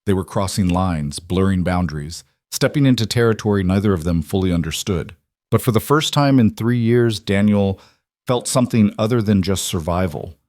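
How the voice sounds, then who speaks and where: A man reading a scripted story as narrator, in an even, measured way. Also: deep voice, dry recording, studio quality.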